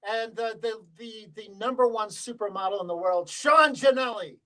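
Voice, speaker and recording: A man's voice: high-pitched, moderate pace, low-quality recording. A man hosting a casual show, joking around and teasing himself and his guests. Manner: jokey, self-deprecating, animated. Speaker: show host. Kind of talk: casual studio chat.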